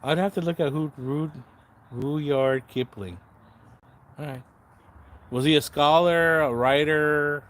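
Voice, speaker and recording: A man's voice: a little high, slow pace, pauses often, fairly bright tone. A man hosting a casual livestream, chatting to viewers in the comments, sarcastic and rambling, swearing freely and often losing his train of thought. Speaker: livestream host.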